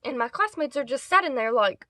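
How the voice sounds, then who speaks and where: A woman's voice: sits high, lively intonation, fairly quick, bright, forceful tone, no echo. A woman telling a casual storytime vlog, rambling and correcting herself as she goes. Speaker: vlogger.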